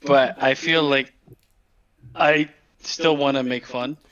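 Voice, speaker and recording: A man's voice: mid-range voice, steady tone, takes it slowly, highs cut off, a loud crowd. A man hosting a casual chat, giving blunt, profane opinions. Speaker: channel host.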